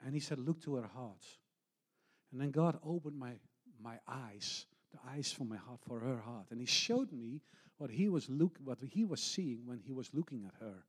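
A middle-aged man preaching a heartfelt sermon, telling stories in an earnest, unhurried way. His English has non-native phrasing and he often restarts his words. His pitch sits in an ordinary middle range. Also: expressive, slightly rough. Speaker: missionary pastor.

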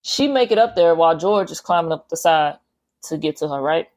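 Deep-voiced and brisk, a female podcast host walks through a horror movie scene by scene in a casual recap, animated and peppered with profane slang.

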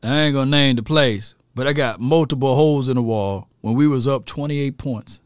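A man's voice: mid-range voice, moderate pace, smooth, no echo, studio quality. A man ranting animatedly about football as a fan commentator, laughing at himself.

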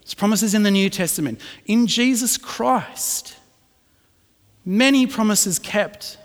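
A middle-aged preacher with a fairly high voice, mixing chatty, self-mocking stories with earnest preaching. His voice carries a long reverb, as if heard in a church hall. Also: slow. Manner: chatty, self-deprecating storytelling that turns earnest. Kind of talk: sermon with personal anecdote.

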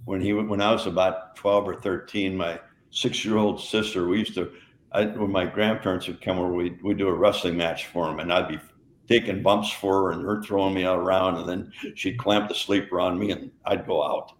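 A man's voice: deep voice, steady tone, moderate pace, roomy sound, slight background noise. An older man and retired wrestler, co-hosting a podcast and telling rambling anecdotes in a casual chat. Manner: rambling anecdotes, lots of restarts and laughs.

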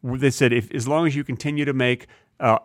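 A man's voice: medium pitch, fairly even intonation, quick pace, no room sound, studio quality. A man co-hosting a comedy podcast in casual chat, joking with a playful, mock-indignant manner. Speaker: podcast co-host.

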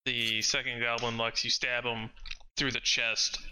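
A man's voice: mid-range voice, level tone, a little slow, pushed and bright, slight background noise. A man narrating as game master of a tabletop game in a casual, loose way, with fillers and the odd swear.

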